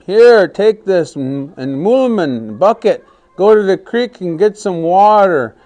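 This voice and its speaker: A man's voice: sits high, expressive, takes it slowly, dark tone. A man voicing a big male wind spirit in a children's story, welcoming and easygoing.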